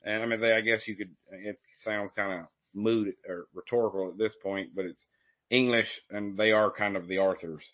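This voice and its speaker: A man's voice: lowish voice, steady tone, moderate pace, no echo. A man hosting a podcast, chatting in a rambling, folksy way full of fillers and restarts. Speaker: podcast host. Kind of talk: casual conversation. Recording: dull, dry lo-fi audio.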